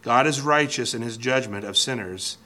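Male Bible teacher, bright tone, thoughtful verse-by-verse delivery that reads quotes aloud. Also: mid-range voice, normal speed.

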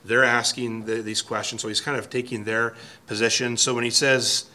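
A man's voice: mid-range voice, flat delivery, moderate pace, bright, forceful tone. A man teaching through a Bible passage verse by verse, thinking aloud and reading commentary quotes. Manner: thoughtful, restarts phrases, reads quotes aloud.

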